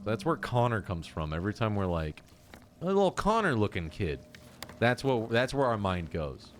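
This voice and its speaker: A man hosting a gameplay stream, chatting casually over the game. His pitch swings widely as he tells a story, with frequent laughter and plenty of swearing. Faint noise sits behind him. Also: sing-song, moderate pace. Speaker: let's play streamer. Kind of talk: casual chat while gaming.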